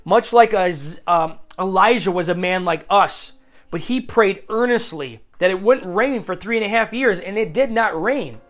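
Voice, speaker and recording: Earnest high-voiced man preaching. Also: lively intonation, normal speed, a bit bright. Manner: earnest and confessional, quotes verses at length. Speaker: Christian speaker. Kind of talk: devotional sermon with scripture reading.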